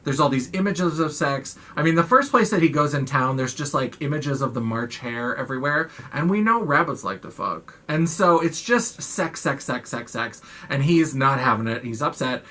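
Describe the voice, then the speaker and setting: A woman's voice: a bass voice, expressive, normal speed, hardly any pauses, a bit bright. A woman casually recapping a horror film in a chatty, profane way, full of "like". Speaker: film review vlogger.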